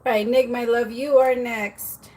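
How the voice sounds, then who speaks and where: A woman's voice: a little high, flat delivery, a little slow, a little mellow. Giggly chatty woman reading tarot. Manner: chatty, giggly, many fillers and restarts. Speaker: tarot reader. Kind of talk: casual livestream tarot reading.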